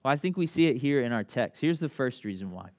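A young man preaching a casual sermon, telling stories in a chatty, animated way with lots of asides. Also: medium pitch, fast, dry recording. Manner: conversational, animated storytelling with many asides. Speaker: pastor.

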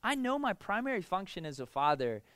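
Man, pastor, casual sermon, conversational with filler words, clear smooth voice, forceful tone. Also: high voice, big pitch swings, a little fast, dry recording. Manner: conversational, lots of "like" and "right?", rhetorical questions.

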